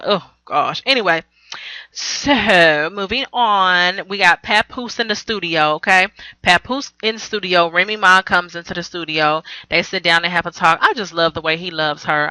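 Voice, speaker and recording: A woman's voice: on the low side, sharp tone, smooth, no echo, poor audio. A woman recapping a reality TV episode on her vlog, blunt and profane, rambling and correcting herself as she goes. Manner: blunt, profane, sassy commentary; rambling with frequent self-corrections. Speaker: TV recap vlogger.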